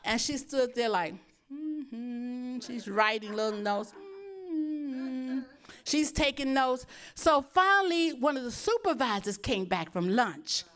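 Bright, high-voiced woman pastor telling a story. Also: slow. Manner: animated storyteller, laughing often, acting out voices; addresses the congregation directly. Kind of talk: sermon testimony storytelling.

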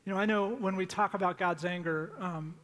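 A middle-aged man preaching a sermon, telling stories in a conversational way and slowing down to plead. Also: high voice, steady tone, fairly bright tone. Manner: conversational storytelling with pleading, dramatic pauses. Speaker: pastor.

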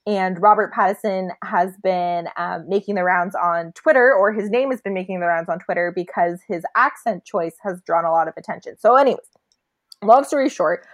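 A woman co-hosting a podcast, chatting casually about a movie with plenty of fillers and restarts. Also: fairly low pitch. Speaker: podcast co-host.

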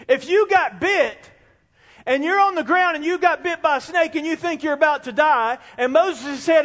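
Male pastor, very high voice, excitable and repetitive preaching, big church reverb. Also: moderate pace. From South Carolina. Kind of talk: sermon. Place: church sanctuary. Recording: long reverb in a large hall.

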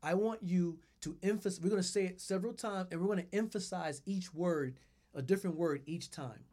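A man's voice: high-pitched, fairly quick, dark tone. Emphatic preaching man. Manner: emphatic, repeats phrases for the congregation. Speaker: pastor. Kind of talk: sermon.

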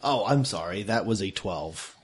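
A man's voice: fairly low pitch, expressive, normal speed. A man playing a tabletop game, joking and bantering casually with the table. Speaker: player.

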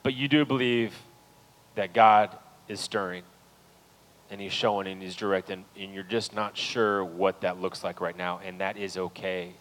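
A man preaching a sermon as pastor in a church, talking earnestly to the congregation and building to loud, pleading peaks. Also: sits low, steady tone, normal speed, low-quality recording. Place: church sanctuary.

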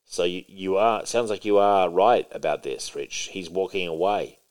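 A man's voice: low voice, moderate pace. A man co-hosting a casual podcast about comics and movies, rambling and emphatic, swearing now and then. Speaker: podcast co-host.

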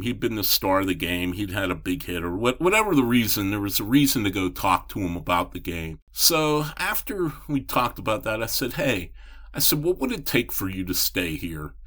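Deep-voiced man telling baseball stories. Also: pushed and bright. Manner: rambling anecdotes with many restarts and fillers. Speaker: baseball reporter. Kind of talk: storytelling in a podcast interview.

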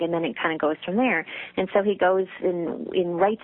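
A woman's voice: lowish voice, fairly even intonation, fairly quick, dry recording. A woman guest and writer with a loving, nurturing voice, telling a story in a reflective, casual interview. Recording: dry phone line.

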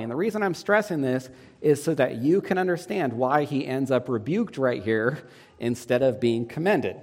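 A man's voice: mid-range voice, darkish tone, long reverb tail. A man preaching a sermon as a pastor, often putting questions to the congregation and shifting his emphasis.

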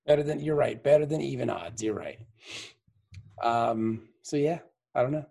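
A man's voice: mid-range voice, animated, moderate pace, vocal fry, warm tone. A man in a casual group chat, joking around and trailing off with ums.

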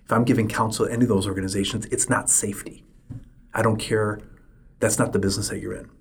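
A middle-aged man talks through a solo podcast episode in a low, slightly husky voice. He speaks emphatically and hammers his points home by repeating them. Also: level tone, quick pace. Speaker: podcast host.

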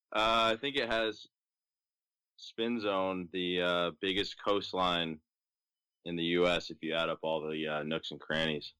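A young man from California, a guest on a podcast, answering in a relaxed, easygoing way. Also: low-pitched, unhurried, smooth, no room sound. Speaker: guest, college pitching coach. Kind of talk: casual interview chat.

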